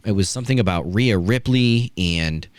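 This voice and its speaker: A man's voice: on the low side, normal speed, no echo. A man hosting a casual wrestling podcast, ranting and swearing with mocking asides. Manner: profane, ranting, does mocking impressions. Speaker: podcast host.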